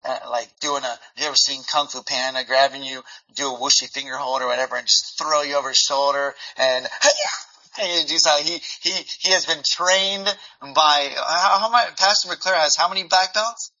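Man, preacher, bright tone, stop-start phrasing with repeats, acts out dialogues; muffled lo-fi recording. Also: fairly high pitch, a little fast, hardly any pauses. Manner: repeats words while restarting sentences; acts out dialogue in lively voices. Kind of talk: sermon. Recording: dull lo-fi recording.

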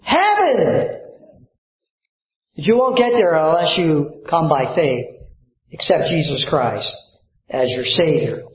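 A male pastor preaching a sermon with impassioned delivery, rising suddenly to loud emphatic peaks and dropping low for quiet points. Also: unhurried, echoey room, dull audio.

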